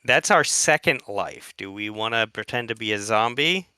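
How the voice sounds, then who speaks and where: A man's voice: lowish voice, expressive, moderate pace, pushed and bright, smooth, dry recording, clean studio sound. A man co-hosting a podcast, reading a book aloud live and chatting casually. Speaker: podcast co-host.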